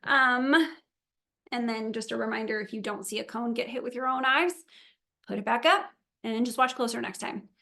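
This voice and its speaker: A woman's voice: a little high, normal speed, creaky, bright, forceful tone. A woman briefing a virtual meeting for event volunteers and drivers, upbeat, chatty and practical. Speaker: event organizer.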